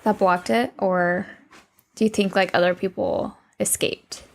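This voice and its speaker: A woman's voice: medium pitch, steady tone, unhurried, gravelly. A woman co-hosting a podcast, asking questions hesitantly with many fillers in casual chat. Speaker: podcast co-host.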